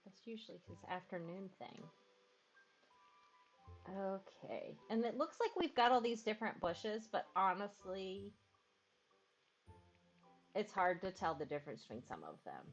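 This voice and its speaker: A woman's voice: medium pitch, big pitch swings, measured pace, pauses often. A woman streaming a video game in casual chat, rambling about decorating and cooing to her dogs. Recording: dull lo-fi stream audio with game music.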